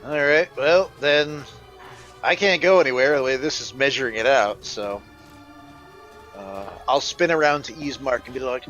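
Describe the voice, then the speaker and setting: A man's voice: medium pitch, moderate pace, fairly bright tone, muffled recording, soft background music. A man playing a tabletop game, thinking aloud about what his character does. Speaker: player.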